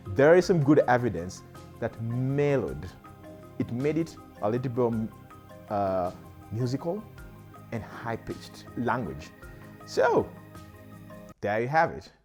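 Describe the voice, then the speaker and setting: A man's voice: mid-range voice, a little mellow. Man explaining, with music beneath. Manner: explains with rhetorical "yeah?" check-ins and hesitant "uh" fillers. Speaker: channel host. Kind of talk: casual explainer narration.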